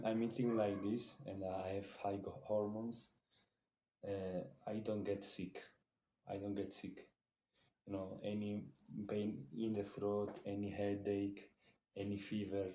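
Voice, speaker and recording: Man, vlogger, slow halting non-native English, dark mellow voice, echoey gym, faint background ambience. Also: lowish voice, slight background noise. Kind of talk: casual talk to camera during a workout. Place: gym, indoors.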